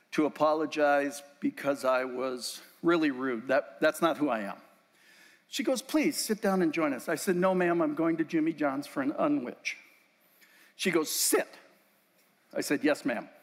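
A man's voice: on the high side, normal speed, big-room sound. A man giving a faith-based talk to a live group, telling a personal story and acting out his own past outbursts. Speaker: Christian motivational speaker. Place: event venue in a hall.

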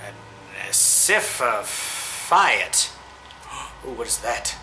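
A man talking through his gameplay in an excitable, rambling way, his pitch leaping up and down as he chats. His voice is very bright and sharp, and he slips into cooing at creatures on screen. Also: drawn-out words, slight background noise, poor audio. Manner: chatty, excitable, coos at game creatures. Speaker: gamer. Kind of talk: let's play commentary.

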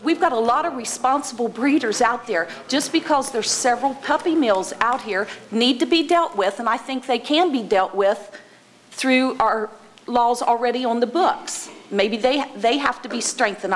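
A woman's voice: fairly high pitch, normal speed. A woman state senator speaking in committee debate, folksy and conversational.

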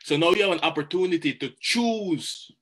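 A man giving a motivational talk, animated and chatty, often repeating words as he goes. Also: a little high, moderate pace. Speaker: motivational speaker.

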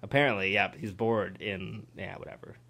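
A man's voice: lowish voice, brisk, gravelly. A man co-hosting a live radio show in casual banter, laughing and teasing his co-hosts at a studio mic. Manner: animated, laughs often, teasing. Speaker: radio co-host.

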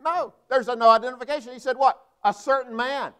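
A man's voice: very high-pitched, a little fast, pushed and bright, clean tone. A man, a pastor preaching a sermon with emphatic delivery and frequent rhetorical questions. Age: 40s.

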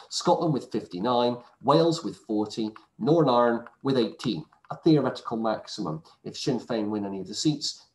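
A man teaching a recorded lesson to his students, talking briskly and discursively, with asides and self-corrections. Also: lowish voice, a little mellow. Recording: echoey room recording.

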